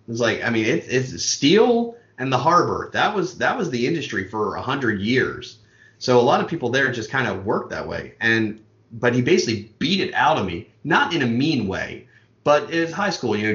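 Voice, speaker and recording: A man's voice: medium pitch, very animated, fairly bright tone. Man from Maryland, middle voice, rambling anecdotes, echoey dull recording. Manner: rambling storyteller, quick asides. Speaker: podcast co-host. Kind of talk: casual chat. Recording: roomy, dull lo-fi sound.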